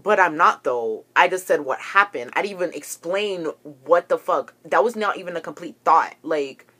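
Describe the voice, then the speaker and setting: A woman's voice: fairly low pitch, animated, moderate pace, a bit bright, slightly rough. A young woman ranting to camera, agitated and profane as she tells a story about a falling-out. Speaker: vlogger.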